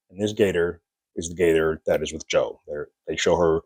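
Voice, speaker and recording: A man with a deep, low-pitched voice talks through a TV episode in a relaxed, chatty recap. He tells the story loosely and pops up into a higher voice when acting out lines. The sound is dry and close, with no room behind him. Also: moderate pace, husky, no echo. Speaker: podcast reviewer. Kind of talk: casual recap and review.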